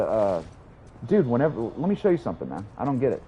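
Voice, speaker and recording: A man's voice: mid-range voice, huge pitch swings, fast, mellow, slight background noise. A young man chatting casually while livestreaming a game, rambling, swearing and answering his chat. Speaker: streamer.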